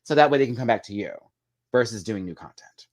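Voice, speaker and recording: A man hosting a live chat, talking casually and gossipily to viewers, calling them "girl" and "y'all", with big sudden swings in pitch and loudness. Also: expressive, fast, noisy background. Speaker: livestream host.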